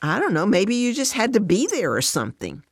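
A woman voicing a patient female friend who speaks calmly and cautiously. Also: medium pitch, brisk, breathy edge, no echo, studio quality, voice pushed up, full character voice. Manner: calm, cautious, plain-spoken.

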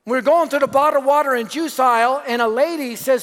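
A male preacher delivers an energetic sermon in a strikingly high voice. He is emphatic and animated, acting out the people in his stories. His voice rings out with a long reverb, as if he is preaching in a large church hall. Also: brisk. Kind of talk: sermon with storytelling.

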